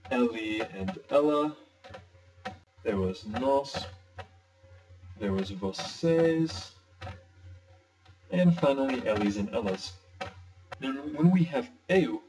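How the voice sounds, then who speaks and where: A man's voice: mid-range voice, darkish tone, distant mic, low-quality recording. A man explaining language grammar step by step in a patient, slightly playful teaching voice. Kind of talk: screen-recorded lesson.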